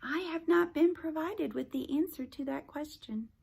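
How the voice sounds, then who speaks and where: A woman voicing a soft, motherly female hologram librarian who speaks in a slow, prim, mechanical way. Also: sits high, creaky, pitched above the performer's own voice. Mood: prim, polite.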